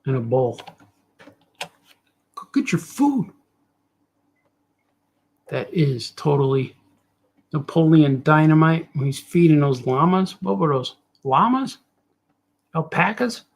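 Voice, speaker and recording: A fairly high-pitched man with a gravelly, husky voice talks his way through a drawing session. He rambles, jokes and thinks aloud in an easygoing, casual way, narrating each choice as he makes it. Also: lively intonation, measured pace. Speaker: cartoonist drawing on a show. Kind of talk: casual commentary while drawing.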